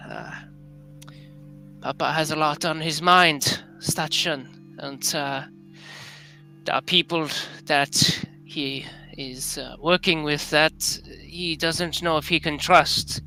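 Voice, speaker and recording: A player voicing a weary, soft-spoken elf father who is a hacker, in a tabletop role-play. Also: medium pitch, fairly even intonation, takes it slowly, faint music behind, rough recording. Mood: troubled.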